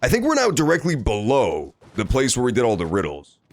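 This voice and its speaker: A man's pitch swings hugely as he talks fairly quickly over his game stream. He jokes casually, swears often, and moves between high and low tones in his commentary.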